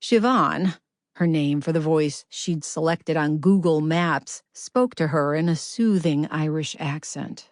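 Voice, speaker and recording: A woman narrating a novel as an audiobook reader, in a measured, gentle storytelling manner. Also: deep voice, no room sound, studio quality. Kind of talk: scripted narration.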